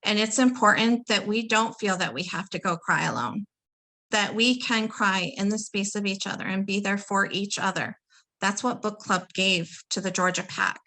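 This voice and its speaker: A woman's voice: medium pitch, normal speed, sharp tone, poor audio. A woman hosting a webinar over a video call, enthusiastic and addressing the audience as "y'all". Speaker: webinar host.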